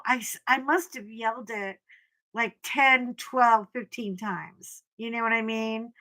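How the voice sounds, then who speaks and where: A middle-aged woman hosting a casual livestream chat, telling stories in an animated way and greeting viewers by name. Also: on the high side, unhurried. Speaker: livestream host.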